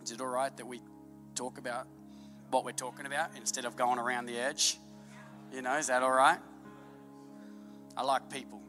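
A man preaching a sermon to his congregation, swinging between hushed asides and loud, fervent peaks. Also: medium pitch, flat delivery, moderate pace, long pauses, soft background music. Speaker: pastor.

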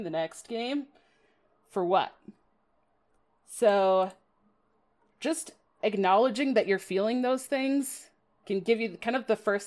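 Card game strategy is the topic as this woman chats casually on her podcast, laughing often at her own expense and voicing dramatic quoted asides. Her voice is mid-range and a touch mellow.

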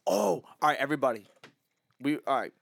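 A man's voice: mid-range voice, fairly quick, vocal fry. A young man co-hosting a casual podcast, laughing often and stumbling over his words. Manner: animated, laughs often, stammers. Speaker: podcast co-host. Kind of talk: casual chat.

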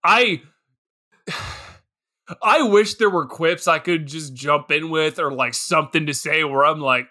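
A man's voice: on the high side, unhurried, pauses often. A man co-hosting a movie review podcast, chatting casually, laughing often and acting out his own reactions. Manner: animated, laughs often, mimics reactions in quotes. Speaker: podcast co-host.

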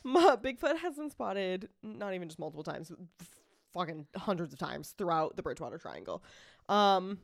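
A woman's voice: lowish voice, big pitch swings, moderate pace, creaky, no room sound. A young woman co-hosting a podcast in casual chat, laughing often and swearing casually. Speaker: podcast co-host.

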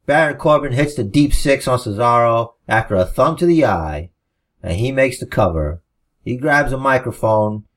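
Husky man reading wrestling storylines. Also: mid-range voice. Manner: relaxed, narrating with asides. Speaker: podcast co-host.

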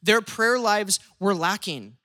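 A pastor preaching a lively sermon, shifting pace often and acting out quoted speech. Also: mid-range voice, takes it slowly.

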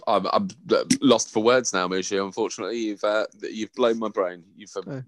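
A man's voice: fairly low pitch, fairly even intonation, moderate pace, noisy background. A man with an English accent co-hosting a podcast in casual, playful, sweary banter. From England. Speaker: podcast co-host. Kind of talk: casual chat.

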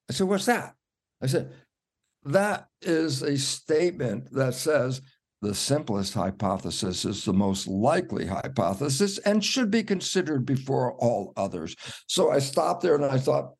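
Older male guest, an animated storyteller who acts out his quotes. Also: mid-range voice, moderate pace. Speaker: guest, cell biologist. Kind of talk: storytelling in an interview.

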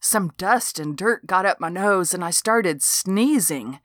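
A woman's voice: fairly low pitch, animated, slow, fairly bright tone, no room sound, studio quality. A woman narrating a folksy first-person story in a wry storytelling manner, scripted audiobook reading.

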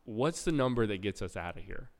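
A man's voice: fairly low pitch, brisk. A man telling a long story in casual chat on a live podcast, acting out the people he quotes. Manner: animated storyteller, acts out quotes loudly. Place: live show in a hall. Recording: reverberant hall.

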